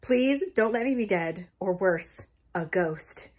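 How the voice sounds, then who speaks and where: A woman's voice: mid-range voice, lively intonation, slow, a little mellow. A woman voicing a panicky teenage girl heroine in a book recap, dramatic and pleading. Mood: panicked.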